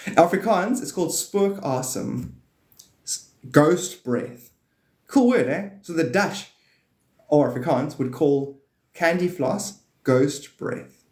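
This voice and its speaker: A man hosting a live stream, rambling playfully about spirituality and now and then jumping into high excited bursts. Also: slow. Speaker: livestream host. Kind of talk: rambling spiritual livestream talk. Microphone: phone or desk mic on a live stream. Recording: echoey room.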